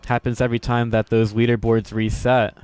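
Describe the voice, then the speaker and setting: A man's voice: medium pitch, level tone, brisk, darkish tone, clear, resonant tone. A man giving upbeat, jokey play-by-play commentary on a video game match, chuckling often and poking fun at himself. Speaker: esports commentator.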